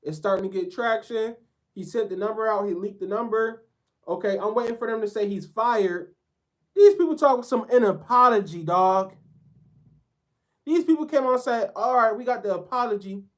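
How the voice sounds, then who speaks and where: A man's voice: high voice, expressive, moderate pace. Fired-up, slangy man ranting about sports. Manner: fired-up, slangy, blunt and profane. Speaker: sports commentator. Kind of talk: heated sports commentary rant.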